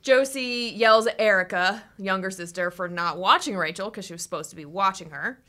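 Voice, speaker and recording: A woman's voice: mid-range voice, moderate pace, bright, forceful tone. A young woman co-hosting a casual book podcast, chatty and wry, swearing now and then as she recaps the plot. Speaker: podcast co-host. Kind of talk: casual book discussion and read-aloud.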